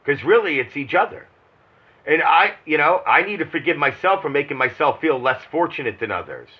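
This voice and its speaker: Husky man rambling on a muffled call. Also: on the high side, animated, fairly quick. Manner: rambling, swearing, self-reflective. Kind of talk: casual phone chat.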